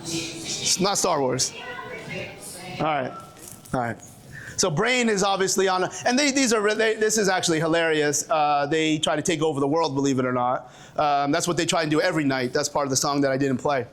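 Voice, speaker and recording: Man w/ brooklyn accent giving a live workshop talk, slightly high voice, cracks jokes, keeps restarting sentences. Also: normal speed, a bit bright. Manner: joking, with frequent restarts and audience call-outs. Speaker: presenter at a coaching seminar. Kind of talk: animated live seminar talk. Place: lecture room with a live audience.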